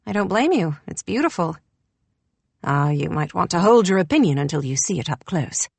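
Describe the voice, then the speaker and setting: A woman's voice: fairly low pitch, very animated, normal speed, vocal fry, dry recording, exaggerated voice. A woman voicing a young man with a dry, wry way of talking.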